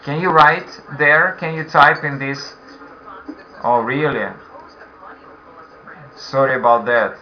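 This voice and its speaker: A man's voice: mid-range voice, fairly even intonation, slow, long pauses, a little hiss or hum. A man with a Russian accent teaching a beginner English class online, patiently repeating questions for his learners. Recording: dull lo-fi online call audio.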